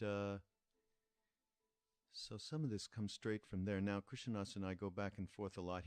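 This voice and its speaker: An older man hosting a podcast, telling a story in a reflective, meandering way with pauses and restarts. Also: low voice, a little mellow, no room sound. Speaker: podcast host. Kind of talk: casual spoken storytelling.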